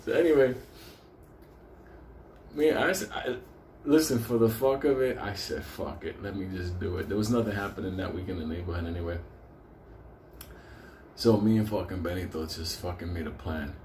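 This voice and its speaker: A man tells a profane neighborhood story in a mellow, dark voice, laughing between lines. The sound is roomy and echoey, with a faint hum of ambience behind him. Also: low-pitched, normal speed, pauses often. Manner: animated, swearing constantly, laughing through the story. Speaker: storyteller host.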